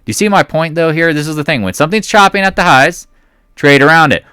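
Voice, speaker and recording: A man hosting a trading channel, giving casual market commentary in an excitable, jokey way with rambling asides. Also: fairly high pitch, fast, clean tone, no room sound, studio quality.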